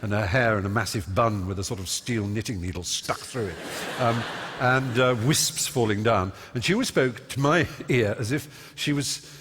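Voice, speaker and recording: A man's voice: on the low side, moderate pace, a bit bright. A man, an on-stage interview guest telling stories eloquently and self-mockingly, with many fillers. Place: large concert hall stage. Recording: long reverb of a large hall.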